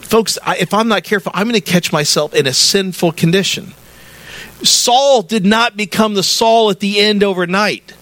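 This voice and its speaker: A middle-aged man from the American South, a pastor preaching a conversational sermon in a church sanctuary, building to animated emphasis. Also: high voice, normal speed.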